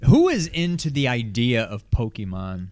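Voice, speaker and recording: A man co-hosting a casual podcast, low-key and shrugging, trailing off quietly at the ends of his thoughts. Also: wildly swooping pitch, normal speed, no echo, clean studio sound. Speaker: podcast co-host. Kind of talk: casual chat.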